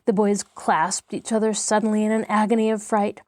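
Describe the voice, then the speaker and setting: A woman, a children's librarian, reading a classic novel aloud in a steady, measured storytelling voice. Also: medium pitch, dry recording, studio quality.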